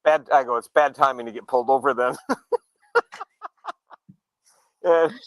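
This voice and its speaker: A man in casual chat telling a story, acting out the quoted dialogue in a relaxed way. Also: medium pitch, measured pace, no echo, poor audio. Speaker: show regular, motorcyclist.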